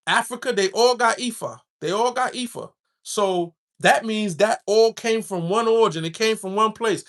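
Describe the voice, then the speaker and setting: A middle-aged man with a high voice speaks his mind in a loose, street-inflected way. He keeps circling back and repeating key phrases to drive his point home, as if preaching in casual talk. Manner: animated, street-inflected, repeats himself for emphasis. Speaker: podcast host.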